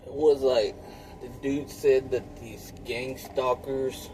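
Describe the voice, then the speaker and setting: A man in his thirties rambles slowly through a casual monologue, packing his talk with filler words and swearing. Loud car and traffic noise runs behind him. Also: medium pitch, fairly even intonation, rough recording. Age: 30s. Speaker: vlogger.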